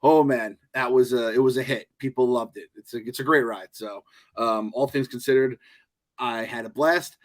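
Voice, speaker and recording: A man's voice: medium pitch, steady tone, normal speed. Profane, rambling podcast co-host man. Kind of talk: casual podcast chat.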